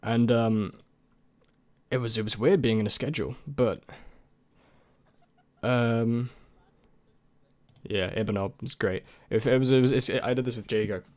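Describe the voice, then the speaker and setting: A man's voice: medium pitch, unhurried, pauses often, a little mellow, dry recording. A young man and YouTube creator in casual chat, answering viewer questions in a rambling, hesitant way with many restarts.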